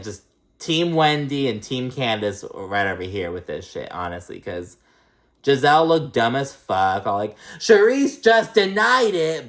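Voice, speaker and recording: A man at an average pitch talks through a reality show episode in loose, casual commentary. He is blunt and profane, and he packs his opinions with fillers like "like" and "um.". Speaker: reality TV recap host.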